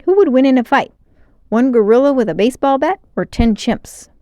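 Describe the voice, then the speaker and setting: A woman reading aloud, voicing an excited boy in space who talks eagerly and breathlessly. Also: a little high, takes it slowly, no room sound. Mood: thrilled.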